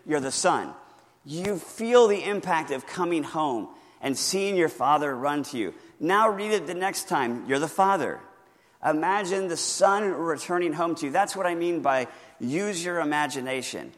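A man teaching how to read the Bible devotionally, earnest and encouraging, often slowing down to stress key words. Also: on the high side, fairly bright tone, long reverb tail. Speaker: pastor teaching Bible reading. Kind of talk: teaching talk from a handout.

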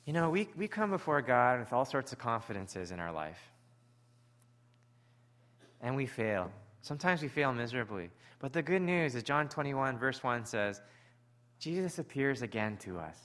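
A man's voice: medium pitch, big pitch swings, normal speed, fairly bright tone. A man preaching a sermon in an earnest, conversational way.

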